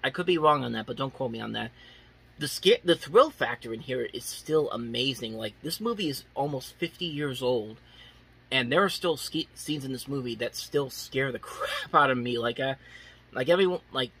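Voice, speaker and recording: A young man talks through a movie review with loose, unscripted enthusiasm. His voice is bright and forward with a husky grain. He keeps restarting sentences and leaning on filler words. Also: medium pitch, lively intonation, moderate pace. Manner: rambling, many restarts and "like" fillers.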